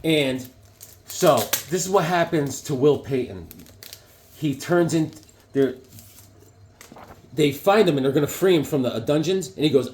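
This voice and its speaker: Excited man showing off comics. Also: fairly high pitch, normal speed. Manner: enthusiastic, rambling, chuckling. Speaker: comic book collector showing his collection. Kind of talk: casual show-and-tell chat.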